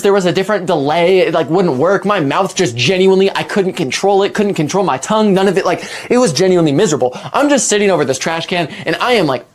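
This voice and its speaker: A young man recounting a story from his own life in an animated, rambling way. His voice rises and falls a great deal, and he fills his sentences with "like" and restarts. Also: sits high. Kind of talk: casual storytime narration.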